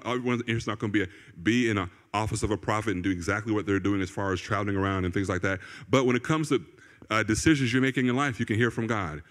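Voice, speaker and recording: The preacher's mid-range voice sounds a little bright as he talks his congregation through the sermon in a conversational manner. Phrases get repeated for emphasis, "right?" and "okay?" come up often, and the church hall adds a long reverb.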